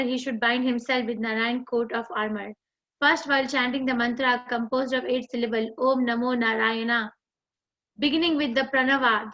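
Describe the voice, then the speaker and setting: A woman with an Indian English accent, teaching an online class and reading scripture in a measured, deliberate way. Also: high-pitched, sharp tone. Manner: measured, deliberate recitation with chanted mantras. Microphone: video call. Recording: dull lo-fi online call audio.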